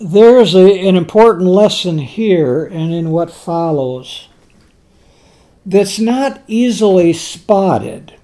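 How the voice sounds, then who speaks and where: A man preaching a sermon, teaching slowly and deliberately with emphatic pauses. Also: high voice, animated, mellow.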